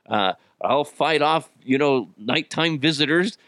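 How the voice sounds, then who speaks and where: A man's voice: on the high side, measured pace, a bit bright, dry recording, studio quality. A man hosting a casual solo podcast, rambling and joking at his own expense, swearing freely and laughing often while he's a bit sick. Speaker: podcast host.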